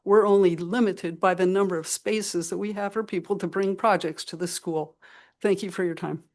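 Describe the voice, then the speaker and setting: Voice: medium pitch, fairly even intonation, moderate pace. A person giving public comment at a college budget meeting, earnest and pleading.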